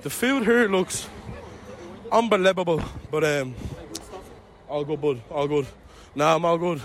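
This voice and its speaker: A young podcast host with a slightly high voice who teases, riffs and laughs through casual banter. He talks loosely and playfully, often cracking jokes at his co-host's expense. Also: measured pace. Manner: teasing, joking, laughs often.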